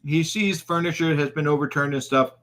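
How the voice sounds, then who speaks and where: A man's voice: a little high, steady tone, a bit bright. Man running a tabletop game. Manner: halting, many fillers and restarts. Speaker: game master.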